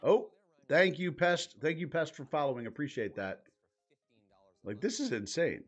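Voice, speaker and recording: A man's voice: fairly high pitch, very animated, normal speed, husky, faint music behind. A man hosting a live stream in casual commentary, exasperated and swearing, muttering to himself as he searches his screen. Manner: profane, exasperated, thinking aloud while clicking around.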